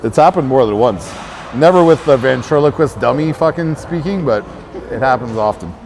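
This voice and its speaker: A man with a gravelly, fry-heavy voice at an ordinary middle pitch tells a rambling story to his viewers. He swears freely and leans on filler words as he goes. Faint traffic noise sits in the background. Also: expressive, moderate pace. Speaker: fitness trainer and channel host. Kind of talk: casual storytelling to camera.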